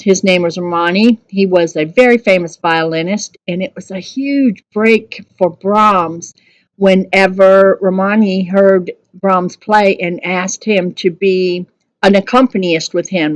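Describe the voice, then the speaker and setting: A middle-aged woman talks through a music history lesson in a relaxed, conversational way, pausing with fillers and correcting herself as she goes. Her voice sits at an ordinary middle pitch, and the recording is close and dry, with little room sound. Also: no room sound. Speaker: music teacher.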